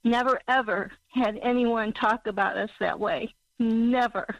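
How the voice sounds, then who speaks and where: An emotional woman in her sixties from Missouri calls in to a talk show. She speaks in halting, broken sentences in a fairly high voice. Her call comes through muffled, like a phone line. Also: fairly even intonation, no echo. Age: 60s. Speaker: caller.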